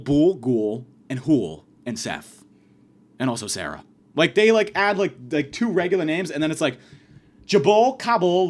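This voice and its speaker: Young man, comedic rant, crude, rambling, very lively pitch.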